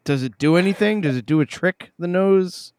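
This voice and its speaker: A man co-hosting a casual podcast, animated, laughing often and swearing. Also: high-pitched, moderate pace, smooth. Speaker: podcast co-host. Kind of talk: casual chat.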